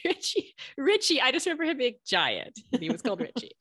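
A woman co-hosting a podcast tells a story in casual conversation, laughing often. Her voice is high-pitched and fairly bright, fast, with big swings in pitch. The studio recording is clean, with no echo.

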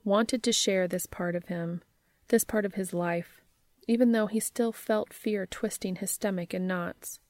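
A woman reading a story aloud in a soft, measured way. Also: mid-range voice, steady tone, no echo. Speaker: narrator.

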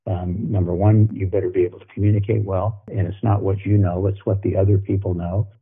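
A man's voice: sits low, little pitch movement, fairly quick, breathy edge. An older man, a former football coach, telling anecdotes in a folksy way, often repeating himself as he goes. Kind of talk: storytelling guest on a podcast. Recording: phone-like narrow sound.

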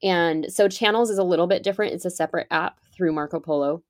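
A woman's voice: lowish voice, fast talker, dry recording, studio quality. A woman on a podcast, explaining emergency preparedness step by step in an upbeat, chatty way. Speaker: podcast guest, preparedness expert. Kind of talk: casual podcast conversation.

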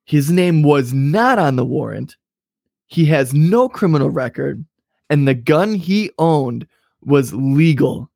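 A man's voice: fairly high pitch, lively intonation, slow pace, gravelly, a little mellow, dry recording, studio quality. A young man co-hosting a podcast, ranting angrily with lots of swearing in casual chat. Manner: angry, profane ranting. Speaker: podcast co-host.

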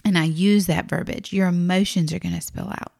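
A woman hosting a parenting podcast, explaining things in an animated way and acting out what she and her children say. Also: fairly low pitch, fairly quick, gravelly. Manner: animated, acts out kids' and her own quotes. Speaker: podcast host.

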